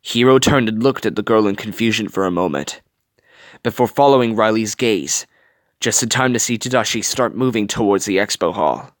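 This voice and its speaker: A man reading a fan story aloud with dramatic, expressive narration. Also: lowish voice, moderate pace, dry recording, clean studio sound. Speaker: reader.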